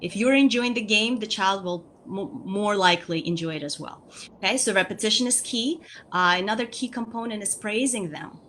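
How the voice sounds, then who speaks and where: Speaking at a medium pitch and normal speed, this woman has a fairly bright tone over a faint hiss or hum. As a guest speech therapist, she gives parents instructions on speech activities for small children, patiently repeating the main points and checking in with "okay?" throughout.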